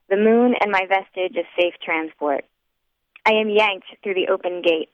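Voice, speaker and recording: A woman narrating a first-person audiobook in a wry, measured way. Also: medium pitch, no room sound. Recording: dry, tinny phone-like sound.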